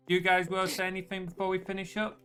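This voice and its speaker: A man's voice: sits high, completely flat delivery, quick pace, fairly bright tone, smooth. A man hosting a live game stream, chatting casually, laughing often and greeting viewers. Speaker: streamer host.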